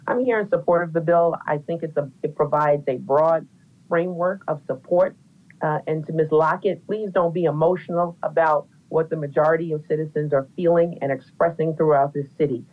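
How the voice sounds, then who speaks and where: Woman, deep voice, formal emphatic testimony, phone-like sound. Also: steady tone, fairly quick. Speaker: neighborhood commissioner testifying. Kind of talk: public testimony. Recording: tinny phone-line audio.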